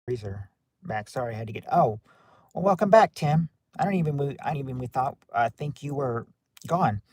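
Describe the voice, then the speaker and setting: A man's voice: medium pitch, lively intonation, a little fast, a little mellow, husky, no echo. A man from Kentucky with a Southern accent, hosting a casual livestream outdoors and reading viewer chat aloud with lots of restarts. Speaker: livestream host.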